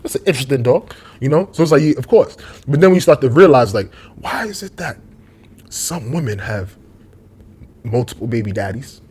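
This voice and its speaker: Brooklyn dude riffing off the cuff, husky voice, mid pitch, rambling and slangy. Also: male voice, moderate pace. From Brooklyn, New York. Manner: animated, rambling, slangy, swings loud and soft. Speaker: vlogger. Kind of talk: casual opinion monologue.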